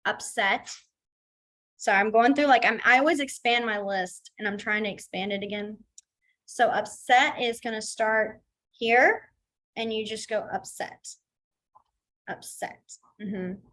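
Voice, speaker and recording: A woman's voice: a little high, a little slow, fairly bright tone, poor audio. A young adult woman teaching a beginner sign language class in a casual, chatty way, full of fillers and acted-out asides. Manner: chatty, filler-heavy, acts out feelings in quoted asides. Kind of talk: casual online class instruction.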